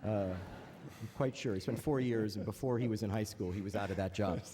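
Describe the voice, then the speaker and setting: Dark in tone and on the low side, this man's voice moves fairly quickly while he opens a panel in front of an audience. He cracks dry jokes, fills hesitant lines with plenty of "uh"s, and drops wry asides, all captured in a reverberant large lecture hall.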